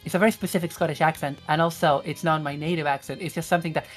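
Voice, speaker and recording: A woman's voice: low voice, steady tone, rapid-fire, soft background music. A woman whose first language is not English, hosting a casual stream chat, hesitant with many fillers as she reads out the chat. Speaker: streamer host.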